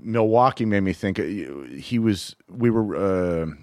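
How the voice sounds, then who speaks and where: A man's voice: fairly low pitch, unhurried, dry recording, clean studio sound. A man who is a podcast guest, telling profane stories in casual chat and laughing often.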